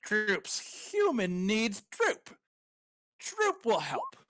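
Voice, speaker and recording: A man's voice: high-pitched, wildly swooping pitch, drawn-out words, sharp tone, dry recording, clean studio sound, voice pushed up, heavily acted. A man voicing a simple-minded goblin who wears a crown and speaks of himself in the third person. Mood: eager. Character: simple-minded goblin king, proud and childlike.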